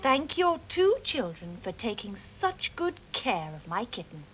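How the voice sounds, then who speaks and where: A woman voicing a calm, grateful mother cat in a storybook, slow and gracious. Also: on the high side, slight background noise, rough recording.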